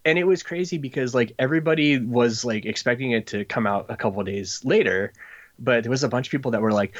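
A brisk, medium-pitched man, a comic book creator, chats on a podcast, wandering through a story full of fillers and voicing other characters. The recording is slightly dull lo-fi.

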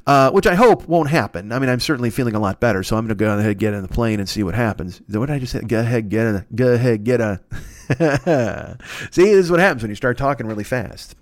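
A man talks fast and loose, cursing his way through a comic rant, tripping over his words and restarting. His voice sits mid-range, and the mic is close and dry. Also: medium pitch, animated, no room sound. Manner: rambling, self-interrupting, swears constantly. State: recovering from a cold. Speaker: podcast host. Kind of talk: profane comedic monologue.

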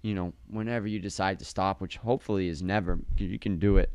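A man's voice: sits low, fairly even intonation, quick pace, a little mellow, smooth, no room sound. A male fitness coach co-hosting a casual podcast, talking in an upbeat coaching tone with a slight lisp from a sore tongue.

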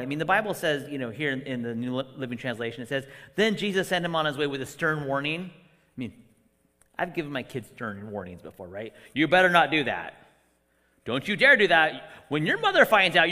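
A man preaches with a high, bright voice that swings wildly up and down. His delivery is animated, leaping from hushed whispers to loud bursts as he acts out quotes, and the sound rings with the long reverb of a large hall. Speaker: guest preacher. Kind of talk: sermon.

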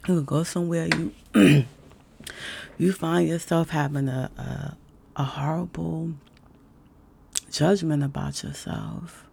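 A woman with a low, dark, deeply gravelly voice gives an unhurried self-help talk. She is casual and slangy, leans on fillers, and drops to a soft whisper when she demonstrates breathing exercises. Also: steady tone, slight background noise. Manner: laid-back and slangy, with many fillers.

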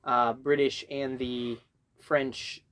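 A man's voice: mid-range voice, level tone, fairly bright tone. A man hosting a casual podcast chat, joking and jumping from topic to topic. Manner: joking, quick to go off on tangents. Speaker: podcast host.

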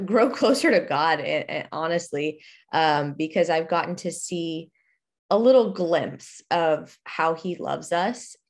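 A young woman who is pregnant, co-hosting a casual faith conversation, reflective, with frequent small laughs and fillers. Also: on the low side. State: pregnant, expecting first child.

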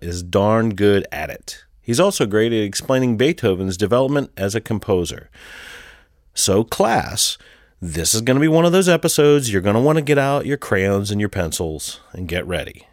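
Man reading a jokey intro, lively swooping delivery, low voice, dry sound. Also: dry recording. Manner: jokey, playful, animated delivery. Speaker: show editor. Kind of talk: scripted show intro.

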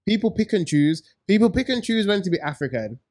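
A man's voice: high voice, big pitch swings, a little fast, darkish tone. A man co-hosting a podcast, telling jokey stories in heavy slang. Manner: joking, slangy, storytelling. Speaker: podcast co-host. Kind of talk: casual podcast banter.

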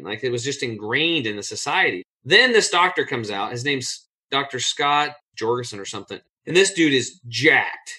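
Man, podcast guest, bright edgy voice, middle pitch, animated storyteller, blunt and casual, acts out quotes. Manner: acts out others' lines in a raised voice.

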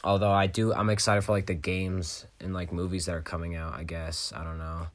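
Low-voiced rambling young man. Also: flat delivery, brisk, slight background noise. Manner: rambling, laughs often, says "bro" and "like". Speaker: podcast co-host. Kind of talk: casual chat.

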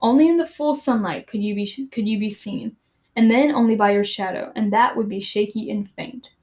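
A woman's voice: medium pitch, a little fast, dark tone. A teenage girl hosting a podcast, retelling and reading aloud from a book in a chatty, filler-heavy way. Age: teens. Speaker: podcast host.

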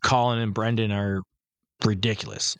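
A man's voice: lowish voice, flat delivery, moderate pace, fairly bright tone, dry recording. A man co-hosting a podcast, chatting casually about movies, rambling and swearing, acting out scenes as he goes. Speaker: podcast co-host. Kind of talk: casual profane movie chat.

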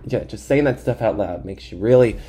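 Podcast host in his twenties, animated comic storyteller with a mellow voice, mocks himself and swears freely. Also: medium pitch, brisk, slightly rough. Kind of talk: comedic storytelling monologue.

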